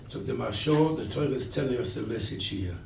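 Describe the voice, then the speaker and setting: A rabbi from England giving a sermon at a charity event, telling stories and acting out the dialogue. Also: male voice, medium pitch, animated, a little fast, gravelly, a little hiss or hum. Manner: storytelling, quotes scripture and acts out dialogue. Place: event hall. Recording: echoey room, distant mic.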